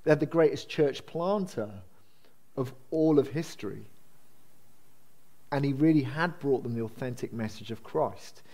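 A man's voice: medium pitch, unhurried, long pauses, warm tone. A man preaching a sermon in a conversational, self-deprecating storytelling way with frequent fillers. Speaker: pastor.

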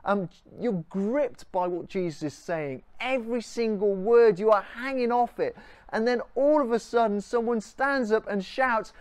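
A preacher giving a sermon in a conversational, animated storytelling manner with casual asides. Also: mid-range voice, unhurried, no echo.

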